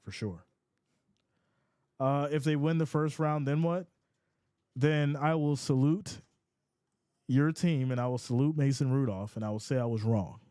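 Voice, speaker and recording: A man hosting a casual live sports reaction stream, reading chat comments aloud in a playful, animated way. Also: mid-range voice, unhurried, pauses often, clear, resonant tone, no echo, studio quality. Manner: animated and playful, often laughs.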